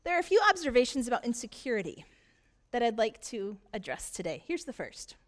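A woman pastor with a high voice, preaching in a church. She tells the story earnestly and often restarts her phrases as she goes. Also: very animated, fairly quick. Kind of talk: sermon.

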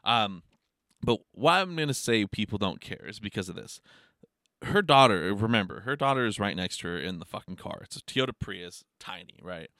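Speaking at a moderate pace in a lowish voice, this man is captured in a dry, studio-quality recording. His storytelling is casual and rambling yet animated, heavy on swearing, laughter, and fillers like "like" and "you know."

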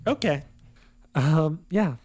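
A man's voice: fairly high pitch, animated, slow pace, darkish tone, slightly rough, no room sound. A young man co-hosting a podcast, rambling through an idea with frequent chuckles and restarts. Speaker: podcast co-host. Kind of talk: casual chat.

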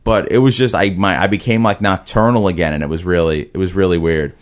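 A man with a Brooklyn-Queens New York accent talks in a very low register. He chats casually about comedy, halting often and filling gaps with "like" and "um". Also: steady tone. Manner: hesitant, halting with many fillers. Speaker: comedian guest. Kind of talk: casual chat.

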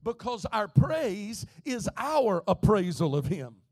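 A man preaching a sermon as pastor, moving between quiet speech and shouted, half-sung lines. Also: high voice, very animated, slow, no echo. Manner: preaching, swings from soft to shouting and half-singing.

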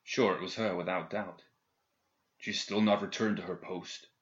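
Gruff stern governor general, as a male reader puts him on. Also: low voice, fairly even intonation, moderate pace, close to an everyday voice. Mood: annoyed. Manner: curt, growling. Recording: dull lo-fi recording.

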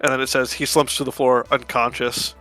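A man co-hosting a podcast in casual chat, animated as he reads out chat exchanges. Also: mid-range voice, brisk, soft background music. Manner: animated, reads chat logs aloud with amusement.

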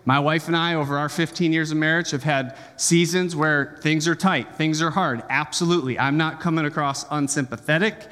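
A man's voice: fairly high pitch, fairly even intonation, a little fast, few pauses, a bit bright, smooth, long reverb tail. A man preaching a sermon as pastor, conversational and joking, often checking in with the congregation.

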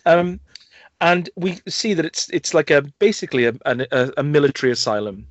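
A man's voice: a little high, animated, fairly quick, no room sound. Rambling man, dull dry recording. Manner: enthusiastic, rambling storyteller with many fillers and restarts. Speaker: film podcast host. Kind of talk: casual chat reviewing films.

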